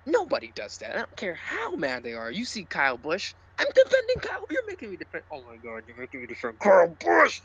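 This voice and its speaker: A man co-hosting a casual sports podcast, ranting loudly, sarcastic and profane. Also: fairly high pitch, huge pitch swings, fairly quick, vocal fry, few pauses, slightly rough, muffled recording. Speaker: podcast co-host.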